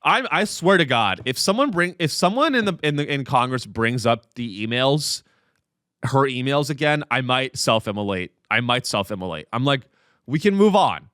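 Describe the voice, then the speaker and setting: A man's voice: medium pitch, expressive, normal speed, bright, forceful tone, no room sound, clean studio sound. A man hosting a podcast in a casual comedic rant, profane and rambling. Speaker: podcast host.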